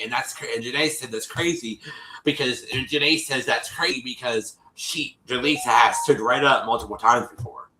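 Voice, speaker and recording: Co-hosting a casual livestream, a man retells a TV episode in a rambling way, restarting often and acting out the quotes. His medium-pitched voice is a little fast, pushed and bright, captured in an echoey room on a low-quality recording.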